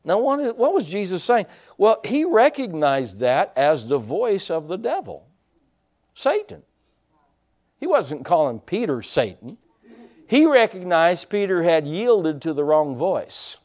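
A male pastor preaching with a fairly high voice that swings widely in pitch. He tells his stories with animated energy, stumbles and repeats himself, laughs at his own mix-ups, and keeps asking the congregation questions. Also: measured pace. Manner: animated storytelling with laughs and repetitions; draws congregation responses with questions. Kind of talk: sermon.

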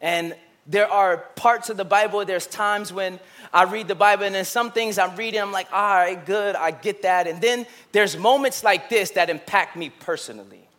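A male pastor delivering a sermon with a high, bright and forceful voice. He tells a personal story, builds to impassioned emphasis, then drops to hushed, searching questions aimed at his congregation. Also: normal speed. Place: church.

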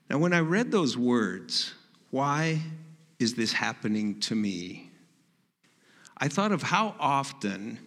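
A man's voice: mid-range voice, a bit bright. A middle-aged male pastor preaching a sermon, telling stories and building to emphatic peaks. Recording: reverberant hall.

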